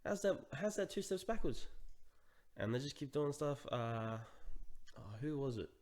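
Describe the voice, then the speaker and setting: An animated man chatting on a podcast, his fairly high voice swinging widely in pitch. He laughs often and calls people "mate". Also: a little slow. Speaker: podcast co-host. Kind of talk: casual podcast chat.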